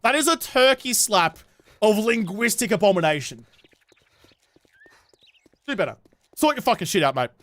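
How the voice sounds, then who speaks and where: A young Australian man streams a game and riffs with his chat, swearing freely and rambling sarcastically. His voice sits high for a man, and the sound is close and dry with no room around it. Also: sing-song, moderate pace, pauses often, fairly bright tone, no room sound. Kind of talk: casual gameplay livestream chat.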